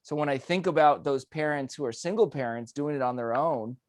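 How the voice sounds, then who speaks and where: A man answers a host's questions with sincerity, leaning on "you know" and "uh" as he thinks. His voice is mid-pitched and sounds close and dry. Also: brisk, dry recording. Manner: earnest, with fillers. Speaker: speech contest contestant. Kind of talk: casual interview answers.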